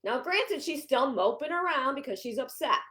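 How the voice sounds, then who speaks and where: A woman's voice: high-pitched, lively intonation, moderate pace, fairly bright tone. A woman who works as a home organizing consultant, talking to her viewers in a chatty, rambling way with frequent restarts. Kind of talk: casual vlog talk.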